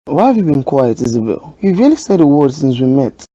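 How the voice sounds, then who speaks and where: A woman with a Nigerian accent voicing a caring young man in an animated drama, coaxing and questioning his girlfriend. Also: very deep voice, fairly quick, exaggerated voice. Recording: dull lo-fi voice.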